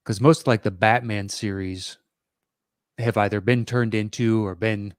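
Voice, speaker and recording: Low-voiced man thinking out loud. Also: fairly even intonation, no echo, studio quality. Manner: hesitant, thinks out loud with pauses and fillers. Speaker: podcast co-host. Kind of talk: casual chat.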